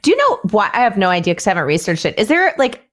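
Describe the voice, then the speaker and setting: A woman's voice: mid-range voice, very animated, very fast, fairly bright tone. A woman hosting a podcast, asking her guest loose, curious questions in casual chat. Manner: curious, asks rambling questions. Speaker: podcast host.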